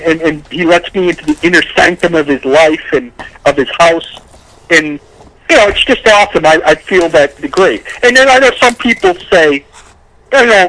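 Casting: high-pitched man, rambling, stumbling over words, heartfelt casual chat. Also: pushed and bright, low-quality recording. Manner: rambling, repeats words, gets emotional. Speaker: podcast co-host, agent.

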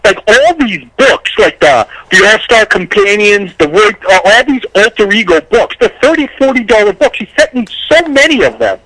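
A man's voice: high-pitched, lively intonation, moderate pace, few pauses, sharp tone, no echo, poor audio. A man chatting casually on a podcast, rambling and repeating himself as he gets emotional. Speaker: podcast co-host, agent. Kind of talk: casual chat.

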